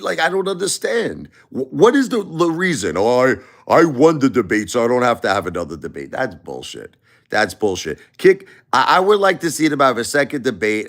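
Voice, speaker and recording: A man's voice: medium pitch, a bit bright. A middle-aged man hosting a livestream, talking bluntly and emphatically, often repeating himself. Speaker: livestream host. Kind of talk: casual opinion talk.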